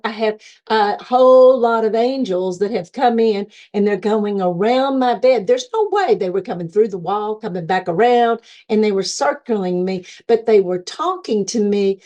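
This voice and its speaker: A middle-aged woman with a warm, mellow voice tells a personal near-death story. She talks earnestly and plays out the thoughts she recalls from the hospital as she goes. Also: mid-range voice. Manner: earnest storytelling, acting out her own remembered thoughts. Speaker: near-death experience guest. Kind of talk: personal testimony.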